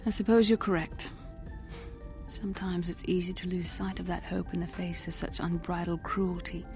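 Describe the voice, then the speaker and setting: A grave, earnest young Jedi woman, as an actress voices her in a video game, her tone set fairly low and measured. Her lines sometimes sink to a soft near-whisper, with the game's music playing clearly behind her. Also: level tone, natural voice.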